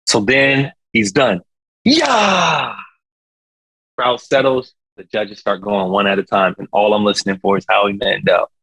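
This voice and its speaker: A young man, a singer, talking as a guest in a casual interview, telling a story in an animated, slangy way with sound effects. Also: on the low side, moderate pace, gravelly, few pauses, low-quality recording.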